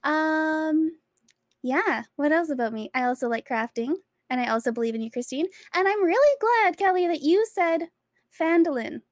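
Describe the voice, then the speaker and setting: A woman's voice: high-pitched, animated, moderate pace, dry recording, studio quality. A woman, a nurse, chatting in a bubbly, friendly way as a player. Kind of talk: casual chat.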